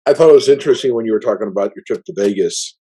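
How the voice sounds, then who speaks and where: A man hosting a podcast interview, chatting in a relaxed, rambling way with frequent "you know" and restarts. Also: lowish voice, very fast, husky, poor audio. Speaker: podcast host. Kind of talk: casual interview chat.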